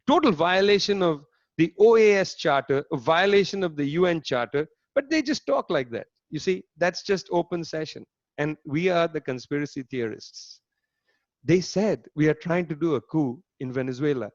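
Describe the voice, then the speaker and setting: A man lectures in a fairly high, emphatic voice, sardonic and pointed, often throwing rhetorical questions at his listeners. The sound is dry and close, a little dull, as from an online talk. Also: expressive, a little fast, no echo. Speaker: speaker giving a political lecture. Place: online talk, home setup.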